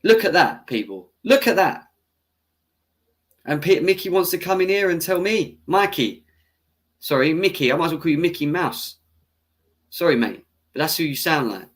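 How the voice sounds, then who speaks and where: A young male host of a football fan live stream talks at normal speed in a slightly high voice. His match reaction turns into a heated, profane argument with the chat, and he laughs off his own bias.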